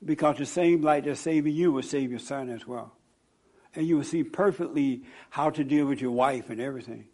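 A man preaching and counseling a congregation, telling stories in an animated way. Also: mid-range voice, brisk. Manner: animated, storytelling, laughing at own stories. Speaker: pastor. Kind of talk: sermon with audience counseling.

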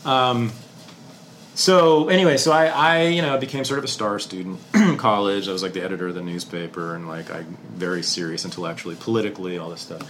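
Low-voiced candid middle-aged man. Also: fast, slight background noise. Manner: candid, animated storytelling, swears casually. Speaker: historian. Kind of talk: casual interview.

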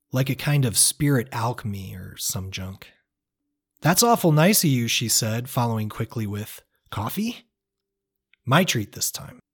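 A man with a voice of ordinary middle pitch narrates his own travel story in the first person. His reading is measured and reflective, with a quiet earnestness as he muses on the people he met.

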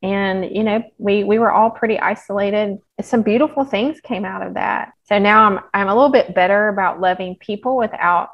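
A woman talks in a casual, open chat with a lively storytelling way of speaking. Her voice comes through a slightly dull, muffled line. Her pitch sits in the middle range for a woman. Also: normal speed, few pauses. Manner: open, animated storytelling with laughs. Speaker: podcast guest, health practitioner.

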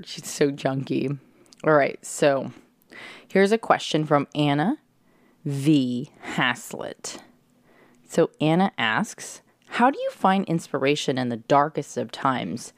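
A woman's voice: low-pitched, animated, takes it slowly, pauses often, dry recording, studio quality. A woman hosting a solo podcast at home, giving a peppy pep talk to her listeners and swearing for emphasis. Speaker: podcast host. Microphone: close podcast mic.

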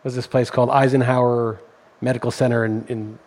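Middle-aged male podcast host, rapid husky delivery, riled-up storyteller. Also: mid-range voice, little pitch movement, darkish tone. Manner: indignant, storytelling, rising intensity when ranting. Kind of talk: casual podcast chat.

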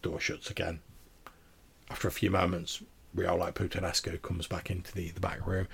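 Deep gravelly game master. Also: male voice, monotone, moderate pace. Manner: casual, descriptive with fillers. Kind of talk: narrating a tabletop game.

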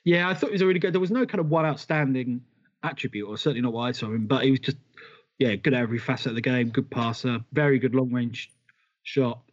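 A man rattles quickly through football memories, animated and given to casual swearing. His voice comes through a dull, lo-fi recording at a middling pitch. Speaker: podcast co-host.

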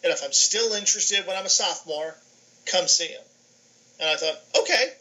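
Bright-voiced middle-aged man telling stories. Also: high voice, a little fast, highs cut off. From New York. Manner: animated, acts out dialogue in his anecdotes. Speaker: guest, sports information director. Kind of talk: casual storytelling on a podcast. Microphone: video call.

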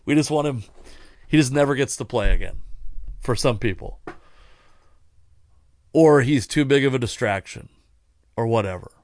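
A man's voice: medium pitch, normal speed, long pauses, darkish tone. A man hosting a podcast alone, talking in a rambling way with wry asides and frequent self-corrections, and he sounds tired. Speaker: podcast host. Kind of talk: casual solo podcast monologue.

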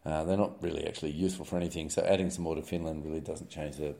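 A man's voice: very deep voice, flat delivery, racing, vocal fry, dark tone. A man casually running through the week's news headlines, wry and sarcastic, with many ums and uhs. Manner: wry, sarcastic, filler-heavy rambling. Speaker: news commentary host. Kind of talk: casual spoken news roundup.

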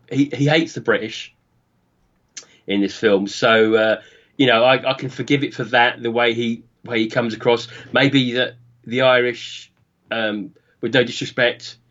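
A man's voice: mid-range voice, fairly bright tone. A man from the UK, a guest on a film podcast, talking hesitantly and searching for his words. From United Kingdom. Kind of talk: casual film discussion. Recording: slightly dull lo-fi sound.

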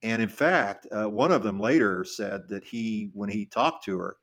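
Podcast co-host, middle-aged man, lowish voice, casual storyteller who stumbles and restarts often. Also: fairly bright tone. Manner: halting, with frequent restarts and repeated words.

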